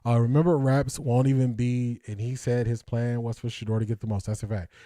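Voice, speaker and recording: A man's voice: medium pitch, flat delivery, fairly quick, warm tone, dry recording, clean studio sound. Laughing slangy male stream host. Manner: laughs often, repeats phrases, slangy and playful. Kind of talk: casual live-stream chat reading comments.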